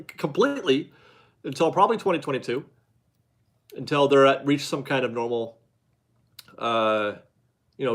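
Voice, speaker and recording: A man hosting a casual live stream, chatting loosely with viewers, rambling and laughing as he talks. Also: on the high side. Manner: rambling, chatty, laughs often, restarts sentences. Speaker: livestream host reading viewer chat.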